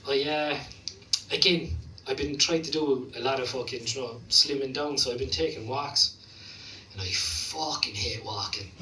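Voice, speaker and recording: A man's voice: medium pitch, moderate pace, pushed and bright, reverberant, recorded from a distance, a little hiss or hum, low-quality recording. A man with a Limerick Irish accent doing a stand-up comedy set, rambling through sweary stories full of "like" and "you know". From Ireland. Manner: profane, rambling storytelling with lots of "like". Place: comedy club stage.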